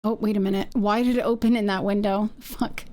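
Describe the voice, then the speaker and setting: A woman streamer giving excitable live game commentary, swearing and laughing often. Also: mid-range voice, a little fast.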